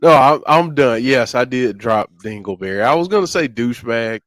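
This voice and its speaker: A man's voice: medium pitch, animated, moderate pace, slight background noise. A man co-hosting a wrestling talk show, ranting and getting fired up in casual chat. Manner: ranting, gets fired up, self-interrupting. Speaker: podcast co-host.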